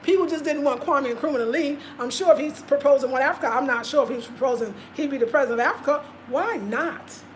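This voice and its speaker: A woman's voice: sits high, fast talker, few pauses, slight background noise. A woman vlogger talking casually and passionately, repeating her points for emphasis. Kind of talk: casual live-stream talk.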